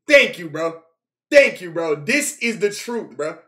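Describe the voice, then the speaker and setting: A man's voice: high voice, a little slow, husky. A man streaming live, reacting to posts in loose, profane, exclaiming talk, with bro at the end of nearly every line. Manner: animated, exclaiming, profane, says bro constantly.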